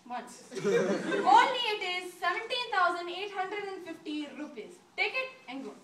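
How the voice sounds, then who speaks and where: A woman's voice: very high-pitched, very animated, normal speed, very noisy. A girl playing a bossy haggling mother. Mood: pushy. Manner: loud, pushy and mock-menacing. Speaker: student in a school skit. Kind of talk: amateur school skit acting. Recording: roomy hall from far off with crowd.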